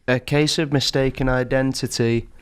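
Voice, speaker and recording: A man's voice: mid-range voice, fairly even intonation, normal speed, smooth. A young man from northern England telling a comic story on a podcast, laughing often and acting out the people in it. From St Helens, England. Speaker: podcast co-host. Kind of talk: casual comedic storytelling.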